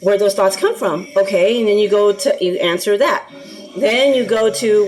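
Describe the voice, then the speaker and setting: A woman's voice: medium pitch, fairly quick, a little mellow, soft background music, poor audio. A woman talking casually in a rambling vlog, filling her speech with ums and laughs while she cooks for her dogs. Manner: chatty, rambling, frequent fillers and laughs. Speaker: anxiety vlogger.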